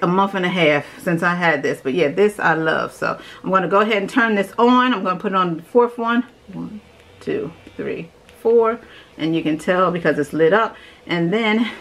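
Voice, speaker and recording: A young adult beauty vlogger shows her morning skincare routine at home, chatting enthusiastically as she does each step. Her voice is medium-pitched and fairly bright, though the audio is poor.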